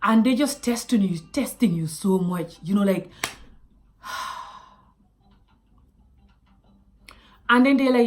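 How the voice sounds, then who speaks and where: Woman with a West African accent, young adult, chatty vlog storytelling, voices others loudly, then sinks to hushed asides. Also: mid-range voice, lively intonation, drawn-out words, pauses often. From Gambia. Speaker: vlogger. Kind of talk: casual storytelling monologue.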